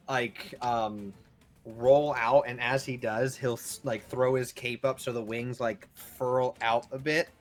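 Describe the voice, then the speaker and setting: A man running a tabletop game as dungeon master, narrating in a rambling, animated way full of fillers. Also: medium pitch.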